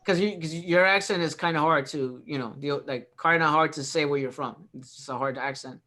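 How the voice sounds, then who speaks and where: A man's voice: fairly high pitch, brisk, sharp tone. Joking man with a Brooklyn-sounding accent. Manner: joking, teasing. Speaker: host. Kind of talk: casual group chat.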